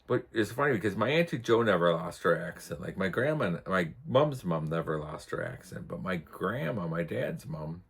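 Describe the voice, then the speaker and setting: A man's voice: low voice, animated, moderate pace, gravelly, hardly any pauses, slightly rough. Chuckling man telling rambling stories. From United States. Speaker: vlog host. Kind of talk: casual storytelling chat.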